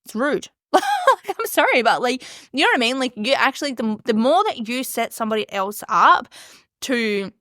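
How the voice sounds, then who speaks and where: A young woman hosting a casual solo podcast, talking fast and chatty, laughing often and swearing casually. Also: a little high, sing-song, bright, forceful tone, no echo, studio quality. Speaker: podcast host. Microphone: podcast mic.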